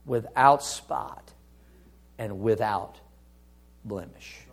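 A man preaching a sermon, moving from hushed, quiet passages to loud, impassioned climaxes, repeating phrases for emphasis. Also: fairly low pitch, very slow.

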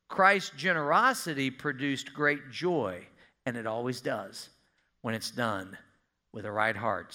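Animated pastor preaching. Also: male voice, fairly high pitch. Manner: animated, folksy, asks the congregation questions. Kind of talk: sermon.

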